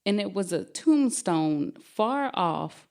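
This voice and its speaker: A woman's voice: mid-range voice, animated, slow pace, darkish tone. A woman, guest on a podcast, animatedly telling a true scary story and laughing as she goes. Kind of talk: casual storytelling.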